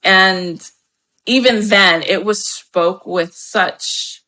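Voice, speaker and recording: A woman's voice: mid-range voice, takes it slowly, bright, forceful tone. A woman guest on a podcast, talking in a casual, effusive way and laughing often. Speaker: podcast guest, wedding professional and speaker.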